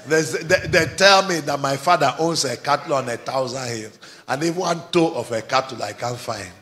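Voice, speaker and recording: Bright-voiced pastor preaching fervently. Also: male voice, medium pitch, normal speed. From Nigeria. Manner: exhorting, climbs to fervent shouting, prompts replies. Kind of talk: live sermon with call and response. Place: church service before a congregation.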